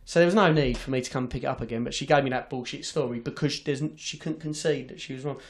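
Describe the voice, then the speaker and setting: A man's voice: medium pitch, quick pace. A man hosting a podcast, telling an office story in a sweary, ranting, casual way. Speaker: podcast host.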